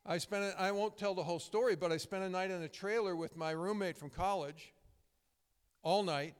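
Man, middle-aged, pastor, high voice, crisp tone, long hall reverb. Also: fairly even intonation, moderate pace. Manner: conversational, emphatic, storytelling with frequent restarts. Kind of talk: sermon.

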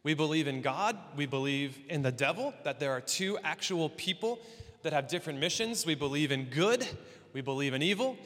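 A man's voice: fairly high pitch, expressive, moderate pace, fairly bright tone. A man preaching a casual, playful sermon in a church hall, with joking asides. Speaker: pastor. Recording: long hall reverb.

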